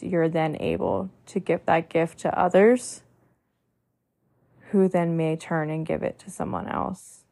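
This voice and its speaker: A woman speaking as a podcast host in an earnest, heartfelt monologue. Her voice sits fairly low and often drops into a gravelly fry. She strings long lists together and often says "like". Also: a little mellow. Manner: earnest, repetitive lists, frequent "like" fillers.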